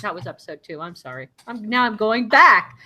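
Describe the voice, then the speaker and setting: A woman's voice: medium pitch, fairly quick. A woman co-hosting a podcast, chatting about a TV show and acting out scenes as she goes. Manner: animated, acts out scenes in quoted voices. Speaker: podcast co-host. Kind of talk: casual chat reviewing a TV show.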